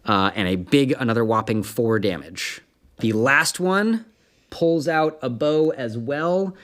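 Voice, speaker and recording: A man's voice: medium pitch, expressive, slow pace, a bit bright. A man in the dungeon master role, narrating a tabletop game loosely, with many fillers and laughs.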